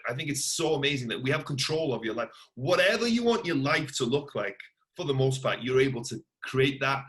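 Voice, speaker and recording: Chatting loosely with his guest, the podcast host, a middle-aged man, heaps on praise and keeps repeating "that's awesome." His mid-range voice sounds pushed and bright.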